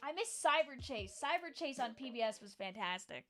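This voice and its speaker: Woman, 20s, home game streamer; bright high voice, chatty and giggly, music playing behind. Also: lively intonation, moderate pace. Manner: rambling, chatty, laughing often, reads out chat. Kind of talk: casual live-stream chat while gaming.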